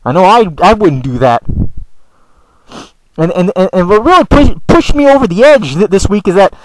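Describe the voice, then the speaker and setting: In a ranting vlog monologue, a male video blogger stammers, repeats words, and swears often, sounding aggrieved and whiny. His voice is high-pitched, and the rough recording carries slight background noise.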